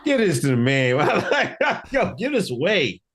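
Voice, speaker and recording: A man co-hosting a casual podcast chat, animated and laughing often. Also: measured pace, slightly rough. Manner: animated, laughing often, lively swings in pitch. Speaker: podcast co-host.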